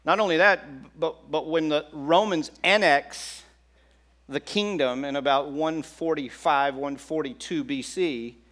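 A middle-aged pastor talks through his sermon in a conversational way, regularly addressing questions to the congregation. His voice is medium in pitch and a bit bright.

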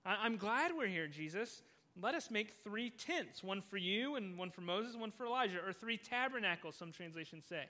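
A man's voice: high voice, expressive, moderate pace, pushed and bright. A male pastor preaching a sermon, earnest, often repeating words as he starts a phrase and asking the listeners questions.

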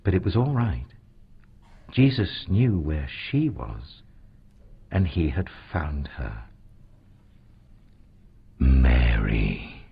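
A man's voice: low-pitched, husky. A man narrating a children's Bible storybook in a dramatic, swooping storytelling manner. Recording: dull lo-fi recording.

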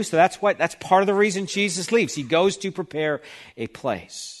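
A man's voice: sits high, animated, normal speed. A man preaching an expository sermon, reading scripture aloud with emphasis and explaining it to the congregation. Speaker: pastor.

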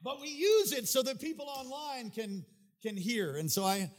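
A man's voice: very high voice, animated, normal speed. A man preaching a sermon to his congregation in a church, with a fervent, sing-song cadence and repeated phrases. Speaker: pastor. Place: church sanctuary. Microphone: handheld or stage mic.

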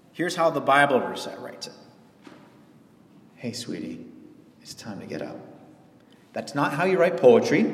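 Conversational male pastor, animated; church hall with a long echo. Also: on the high side. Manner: conversational, animated, with quoted asides. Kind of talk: sermon. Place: church sanctuary.

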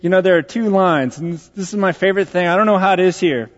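A pastor from Texas preaching a sermon, telling a personal story in a conversational, joking way. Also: male voice, high voice, fast talker. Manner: conversational and joking, with self-deprecating asides. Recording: dull sound in a large reverberant hall.

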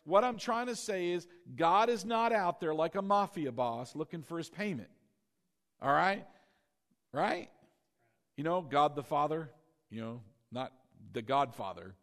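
A man's voice: on the high side, animated, a bit bright. Man preaching with call-and-response. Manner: asks rhetorical questions, slows down for emphasis. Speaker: pastor. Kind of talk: sermon.

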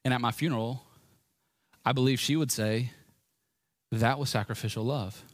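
A man's voice: medium pitch, steady tone, normal speed, dry recording. Earnest preacher man, dry sound. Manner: earnest, conversational preaching with vivid storytelling. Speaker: pastor. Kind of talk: sermon.

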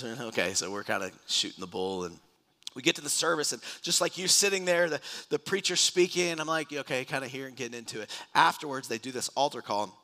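A man's voice: a little high, expressive, fairly quick, pushed and bright. A man, preaching a sermon as a pastor, telling stories animatedly with dramatic re-enactments and restarts in front of a congregation. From Texas. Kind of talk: sermon storytelling.

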